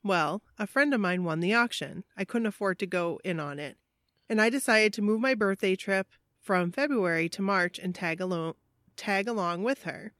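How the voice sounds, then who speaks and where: Woman podcast cohost, chatty, reads a fan story out loud, dry close sound. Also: mid-range voice, lively intonation, normal speed, no room sound. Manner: chatty, laughing, reads aloud with asides. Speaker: podcast co-host. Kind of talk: casual chat and reading a listener story.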